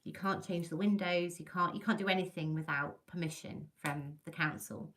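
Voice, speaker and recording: Bright-voiced chatty English woman. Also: fairly low pitch, moderate pace. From England. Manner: chatty, animated storytelling, greets viewers by name. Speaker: livestream host. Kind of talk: casual livestream chat.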